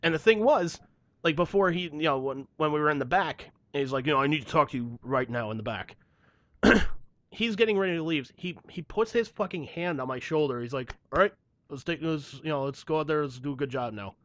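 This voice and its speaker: A man's voice: fairly high pitch, a little fast, no room sound, highs cut off. A young man on a podcast, casually telling a story full of swearing and acted-out dialogue. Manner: profane, animated storytelling. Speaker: podcast host. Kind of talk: casual chat.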